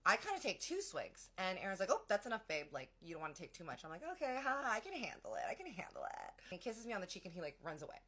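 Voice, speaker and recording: A young woman casually telling a long personal story, chatty and slangy, acting out what everyone said. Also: low voice. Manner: chatty, animated, acts out quotes of friends; slangy, many "like"s.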